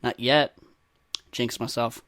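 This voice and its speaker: A man's voice: medium pitch, steady tone, takes it slowly, fairly bright tone, dry recording, studio quality. Profane young man telling crude stories. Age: 20s. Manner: profane, rambling, self-mocking. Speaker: podcast host. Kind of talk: casual crude storytelling monologue.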